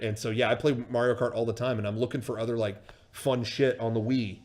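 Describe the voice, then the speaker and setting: A man's voice: medium pitch, fairly even intonation, fairly quick. A man casually telling a story on a livestream, swearing freely and full of fillers and restarts. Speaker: streamer and storyteller.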